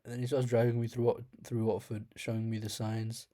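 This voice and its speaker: A man's voice: mid-range voice, monotone, brisk, mellow. A young man with a slight lisp telling a rambling comic story about his dreams in a casual way, laughing at himself now and then. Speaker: storyteller host.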